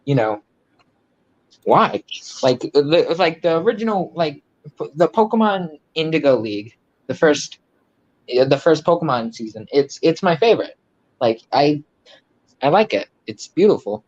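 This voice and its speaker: A man's voice: fairly high pitch, sing-song, normal speed, long pauses, a little mellow, lo-fi sound. A young man chatting casually, rambling with many fillers and frequent laughter. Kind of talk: casual chat.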